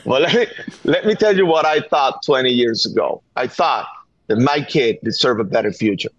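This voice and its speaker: Calling in from a dull, dry remote line, this middle-aged man from Venezuela is a gun violence activist guest in an interview. He has a Venezuelan Spanish accent and a medium-pitched, animated voice at normal speed with no echo, and he presses his points earnestly and urgently, repeating words often.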